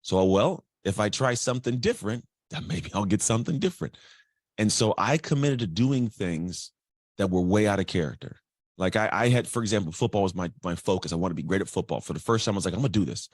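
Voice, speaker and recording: A man telling his life story as a guest, energetic and chatty, acting out other people's voices. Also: fairly low pitch, fast talker, no echo, clean studio sound. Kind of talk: candid storytelling.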